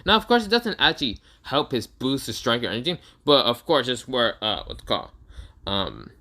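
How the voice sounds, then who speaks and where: A young man retelling a fan story in a casual, rambling way, correcting himself and filling pauses often. His voice is bright and sharp. His pitch moves around a lot. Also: wildly swooping pitch. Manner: rambling, many fillers and self-corrections.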